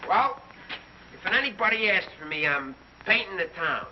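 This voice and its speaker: A man's voice: high-pitched, animated, normal speed, slight background noise. An actor playing a folksy army sergeant who nags his men about keeping things neat. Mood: fussy. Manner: folksy, nagging about neatness. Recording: dull old TV sound.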